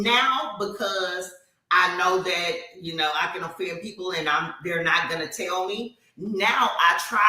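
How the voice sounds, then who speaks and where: A woman chats on a podcast, her voice bright and forward. She tells stories with animated energy and frequent fillers. The room around her is echoey. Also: mid-range voice. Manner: animated storytelling with many fillers. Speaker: podcast co-host. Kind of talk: casual podcast chat.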